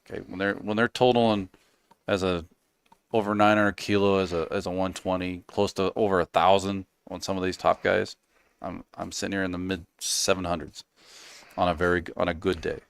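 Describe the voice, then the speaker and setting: Man, very low voice, podcast guest, casual rambling chat, dry close sound. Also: level tone, fairly quick, creaky, smooth, no room sound. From United States. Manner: easygoing, rambling, frequent ums and trailing asides. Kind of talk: casual interview talk.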